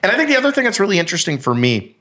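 A man's voice: sits high, very animated, racing, sharp tone. A man in casual podcast chat, explaining a finance story at length with restarts and the odd swear word.

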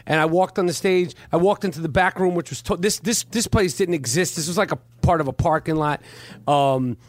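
A man in his forties spins profane, excitable stories before a live audience. His voice sits high, and he stumbles through constant stammered restarts. The recording is dry and close, with no room sound. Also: fairly quick, no room sound. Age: 40s. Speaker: guest storyteller at a comedy club podcast. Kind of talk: live podcast storytelling.

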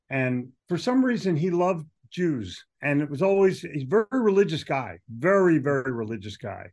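A man's voice: medium pitch, a little mellow. Chatty older male podcast host. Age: 60s. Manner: chatty, rambling, jokey. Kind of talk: casual chat.

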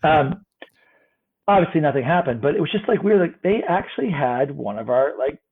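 A man co-hosting a podcast in casual chat, animated, laughing and swearing often. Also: fairly high pitch, normal speed, husky. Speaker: podcast co-host. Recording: tinny phone-like line.

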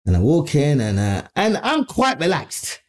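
A woman comedian from Nigeria, spinning a story in an interview. She talks with lively, salty delivery, swearing freely and acting out what other people said. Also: deep voice, unhurried. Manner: animated, profane, acts out other people's voices. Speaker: comedian guest.

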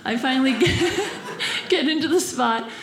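Young woman doing standup, high voice, laughs through her story, echoey club w/ noise. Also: normal speed. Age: young adult. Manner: giggly, animated, leaps to high pitch when acting out voices. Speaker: stand-up comedian. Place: comedy club stage. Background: audience laughter.

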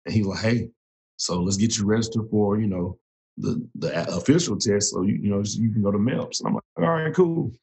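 Deep-voiced guy in his 30s, ex-marine coach, easygoing storyteller, laughs a lot. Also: fairly quick. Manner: relaxed, laughs often, restarts sentences. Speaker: interview guest, former Marine turned coach. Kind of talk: casual storytelling interview.

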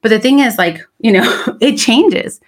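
A woman's voice: a little high, animated, a little slow. A woman in her thirties co-hosting a podcast, talking candidly and slipping Spanish phrases into her English. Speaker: podcast co-host. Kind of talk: casual chat.

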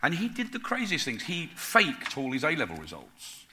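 A male interviewer in a relaxed conversation, speaking in a lively, conversational way. His slightly high voice rises and falls a great deal and sounds very bright. A faint noise runs under the recording. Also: normal speed. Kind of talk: casual chat.

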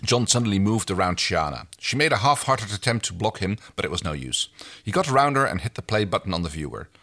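A man reads a story aloud with a bright, lively voice that moves up and down a lot. The delivery is animated and playful. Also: lowish voice, fast talker. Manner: animated reading, laughs often. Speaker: reader. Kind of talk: reading fan fiction aloud.

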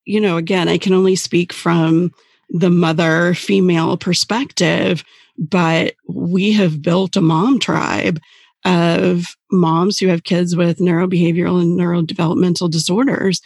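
A woman's voice: lowish voice, flat delivery, unhurried, gravelly, a little mellow, husky, no echo, studio quality. A woman hosting a podcast who talks in a reflective, conversational way about mothers' support groups. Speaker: podcast host. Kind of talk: casual podcast talk.

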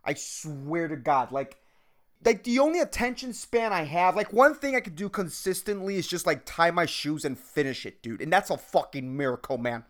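Man, 30s, solo podcast rant: profane and rambling, and his pitch swings all over the place. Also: lively intonation, normal speed. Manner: rambling, profane, says "dude" and "man" constantly; jumps between topics, self-mocking. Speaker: podcast host.

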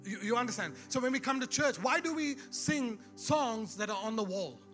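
A man's voice: very high-pitched, expressive, normal speed, fairly bright tone, faint music behind. A man preaching a sermon in a church, in a conversational way with laughing asides, rising to emphatic exhortation. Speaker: pastor.

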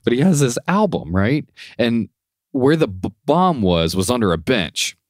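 A young man co-hosting a podcast, casual chat, swearing a lot and retelling a story with lively impressions. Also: mid-range voice, measured pace, no echo, clean studio sound. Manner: profane, animated retelling with rising shouty impressions. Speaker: podcast co-host.

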